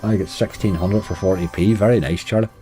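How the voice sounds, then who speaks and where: A man's voice: sits low, steady tone, brisk, dark tone, faint music behind. A man hosting a late-night slots live stream, chatting casually, greeting viewers and laughing often. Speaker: slot streamer.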